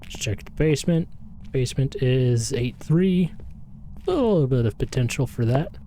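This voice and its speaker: A slightly hoarse, out-of-breath man giving rambling, self-deprecating commentary while streaming a game. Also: mid-range voice, lively intonation, moderate pace, dark tone, a little hiss or hum. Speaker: gaming streamer.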